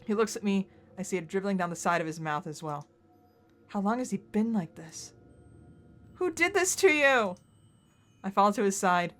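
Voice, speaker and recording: A woman's voice: medium pitch, moderate pace, fairly bright tone. A woman playing a visual novel, reading its narration aloud and reacting emotionally with outbursts. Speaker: game streamer.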